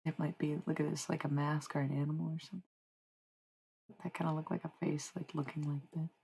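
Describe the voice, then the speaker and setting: A young woman with a notably low voice talks loosely to her live-stream chat. She laughs a lot and drops casual swears as she rambles. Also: level tone, a little fast, gravelly, a little mellow, a little hiss or hum, low-quality recording.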